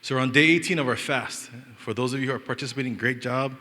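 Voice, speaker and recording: A young adult man from Hawaii with a Hawaiian Pidgin-inflected accent, preaching a storytelling sermon, animated and joking, acting out the voices of the people in his stories. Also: medium pitch, fast. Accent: Hawaiian Pidgin-inflected English. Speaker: pastor. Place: church hall. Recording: long reverb of a church hall.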